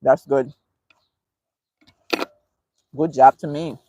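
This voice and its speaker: Female livestream host, low voice, chatty and giggly, dry close mic. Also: fairly even intonation, drawn-out words, no echo, muffled recording. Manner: chatty, laughs often, thanks viewers warmly. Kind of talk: casual live-stream chat reading comments.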